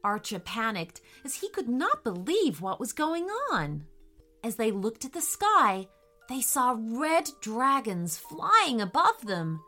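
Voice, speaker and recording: Woman, storybook narrator, bright voice, unhurried, upbeat, talks to kids. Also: on the high side, faint music behind. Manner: upbeat, lively, addressing kids directly. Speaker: host and storyteller.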